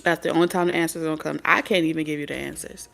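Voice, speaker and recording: A woman with a gravelly, fry-laden voice gives spiritual advice in a loose, preachy monologue. She talks bluntly, swears freely and drifts into streetwise stories. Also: low-pitched, steady tone, fast talker, fairly bright tone. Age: adult mother of several children. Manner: blunt, profane, streetwise storytelling. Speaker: spirit medium and tarot reader.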